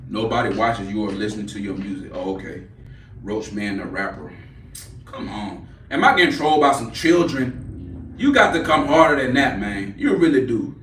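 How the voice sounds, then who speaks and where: A man's voice: lowish voice, animated, moderate pace, fairly bright tone, recorded from a distance, a little hiss or hum. A man in his forties hosting a casual livestream, brash and profane as he mocks trolls in the chat. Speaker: livestream host. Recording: echoey room, off-mic.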